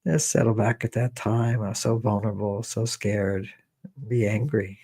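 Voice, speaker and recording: A man with a low, gravelly, husky voice leads a guided meditation. He talks slowly and repeats himself, gently coaxing listeners toward their feelings and weaving in memories of his own. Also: fairly even intonation. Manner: slow, repetitive, gently coaxing with personal memories. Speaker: meditation teacher.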